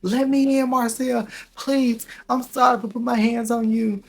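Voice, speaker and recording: A man's voice: extremely high pitch, level tone, normal speed, creaky, darkish tone, husky, pitched above the performer's own voice, exaggerated voice. A man acting out a desperate ex-boyfriend who begs to be let back in. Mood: desperate pleading.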